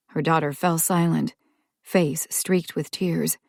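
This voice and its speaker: Woman narrator, low voice, slow, measured, dry close recording, audiobook. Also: steady tone, creaky, a little mellow, dry recording.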